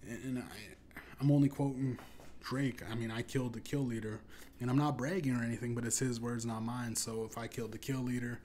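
A man hosting a comedy podcast, rambling through an absurd tall tale in a deadpan, profane way. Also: medium pitch, fairly quick, slight background noise. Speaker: podcast host. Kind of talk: improvised comedic storytelling.

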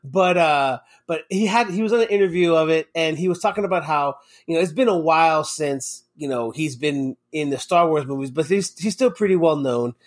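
A man with a fairly high voice hosts a casual podcast chat at a moderate pace with few pauses. He rambles, swears often, and keeps drifting off on tangents.

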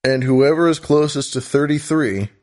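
A man's voice: a little high, moderate pace, darkish tone. A man co-hosting a call-in podcast, rambling goofily in casual chat. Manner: goofy, rambling. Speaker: podcast co-host.

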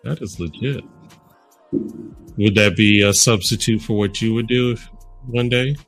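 Low-voiced male podcast host. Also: fairly even intonation, fairly bright tone, soft background music. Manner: measured, reads out listener questions. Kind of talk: interview questions.

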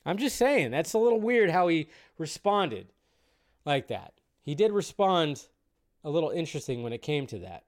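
A man's voice: fairly high pitch, big pitch swings, normal speed. A man hosting a casual live stream about film news, chatty and rambling, cursing now and then.

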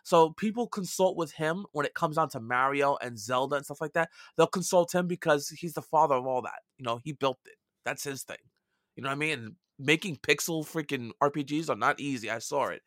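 A man's voice: a little high, fairly quick, fairly bright tone, dry recording, clean studio sound. A man with a Brooklyn accent co-hosting a casual gaming podcast, chatty and loose, with mild swearing and frequent restarts. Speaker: podcast co-host.

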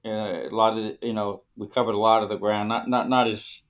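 A man hosting an interview podcast, talking in a low-key, reflective way. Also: level tone, brisk. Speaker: podcast host. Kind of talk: casual interview chat.

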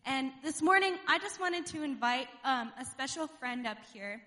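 High-voiced woman leading church prayer. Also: animated, normal speed, pushed and bright, in a large hall. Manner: fervent, repeating God and Father between phrases. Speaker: adult youth leader. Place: church sanctuary.

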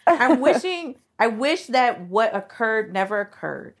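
A woman's voice: a little high, big pitch swings, unhurried, over a noisy crowd. A woman co-hosting a podcast, telling a personal story candidly and with emotion, full of "like" fillers. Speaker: podcast co-host.

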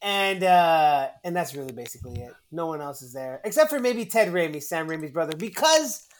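A man's voice: on the high side, big pitch swings, a little fast. A man hosting a casual movie podcast, rambling and joking, often repeating his words. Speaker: podcast host.

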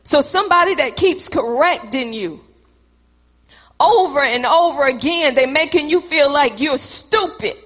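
A woman's voice: high-pitched, expressive, unhurried, a bit bright. A woman preaching a sermon, who acts out both sides of an argument in a repetitive preacherly cadence. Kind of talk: sermon with acted-out dialogue. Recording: long hall reverb.

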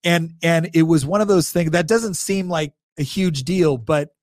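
A man's voice: on the high side, moderate pace, dry recording, studio quality. A man in his forties telling a personal story as a podcast guest, chatty, laughing often and restarting sentences. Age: 40s. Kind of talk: casual storytelling.

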